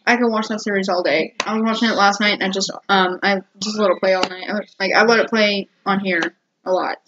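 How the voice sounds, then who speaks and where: A woman's voice: mid-range voice, steady tone, brisk, a bit bright, slight background noise. A woman vlogger chatting casually to camera, rambling and giggling with lots of fillers and restarts. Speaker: vlogger reviewing a TV episode. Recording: dull lo-fi home recording.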